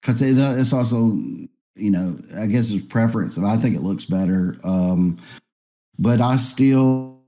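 A man from Alabama, talking in a relaxed, rambling way with many fillers as a guest artist in a live Q&A. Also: on the low side, a little slow. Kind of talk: casual live Q&A.

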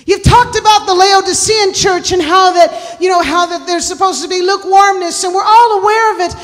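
Woman preacher, very high voice, slow fervent sermon delivery building to shouts, long church reverb. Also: fairly even intonation, soft background music. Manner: impassioned, rising to shouts and sung cries. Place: church sanctuary.

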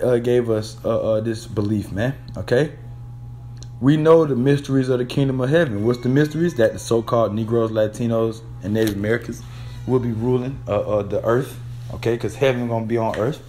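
A man's voice: medium pitch, a little mellow, a little hiss or hum. A man giving an informal sermon, talking in loose street slang with swearing, hesitating a lot and tagging many phrases with "man" and "all right?". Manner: blunt street slang with profanity; halting, frequent "uh" and repeated words. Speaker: preacher.

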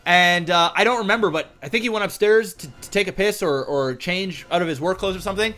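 A young man with an East Coast Canadian accent chats loosely over a strategy game broadcast, swearing casually and filling pauses with ums. His voice sits high and bright. He tells stories with lively energy. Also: soft background music. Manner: animated storyteller, swears casually, many fillers. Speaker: game caster. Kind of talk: casual game commentary and storytelling.

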